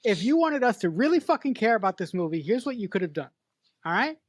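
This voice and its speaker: A woman's voice: mid-range voice, sing-song, quick pace, no echo, clean studio sound. A woman co-hosting a podcast, giving an emphatic, profane critique of a movie in casual chat. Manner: emphatic, critiquing, swears freely. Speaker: podcast co-host.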